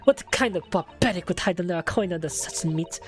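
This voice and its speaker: A woman's voice: on the low side, brisk, soft background music, voice pushed up, close to an everyday voice. A woman voicing a haughty noble British witness in a mock posh foreign voice, scornful and drawn out.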